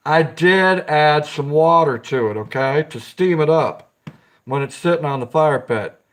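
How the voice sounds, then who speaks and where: A man's voice: on the high side, animated, slow, long pauses, a bit bright. A man hosting a casual live stream, chatting with viewers, greeting them by name and giggling often.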